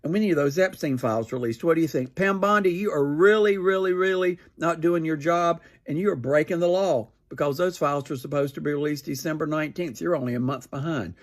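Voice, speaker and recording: A man's voice: fairly high pitch, brisk, few pauses. A man commenting on political news in a sarcastic, mocking tone, firing rhetorical questions. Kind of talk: opinionated news reaction.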